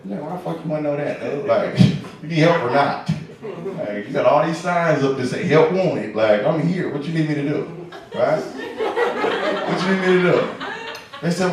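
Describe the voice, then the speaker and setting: A man doing a stand-up set in street slang, laughing at his own jokes and shouting his punchlines. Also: mid-range voice, brisk, distant mic. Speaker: stand-up comedian. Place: comedy club stage. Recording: echoey club recorded from afar, crowd noise.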